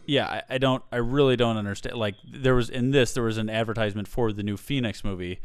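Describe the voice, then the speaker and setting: A man's voice: mid-range voice, fast talker, smooth, no echo, clean studio sound. A man hosting a casual chat, rambling through a film plot with many fillers and restarts. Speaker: podcast host reviewing a film.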